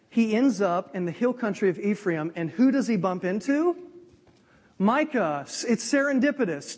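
A man retells a scripture story to a live group in a lively, conversational preaching style. His voice sits high for a man, and he often stops to check that his listeners are following. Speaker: preacher teaching a Bible lesson. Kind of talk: animated sermon storytelling.

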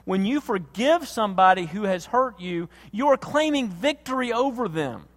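Pastor preaching, high-pitched man, impassioned with hushed turns, long hall echo. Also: lively intonation, moderate pace. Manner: impassioned, swings from loud emphasis to hushed tenderness. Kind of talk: sermon.

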